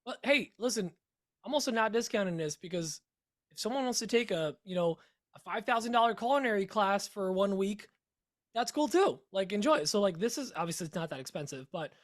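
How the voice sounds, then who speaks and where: A man's voice: high voice, expressive, a little fast. A man co-hosting a woodworking podcast in casual chat, rambling and joking with frequent laughter. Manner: rambling, jokey, laughs often. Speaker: podcast co-host.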